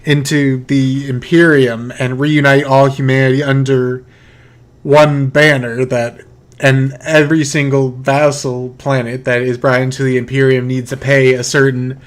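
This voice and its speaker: A man acting as game master, narrating a tabletop game in a halting way, often repeating words. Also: medium pitch, flat delivery.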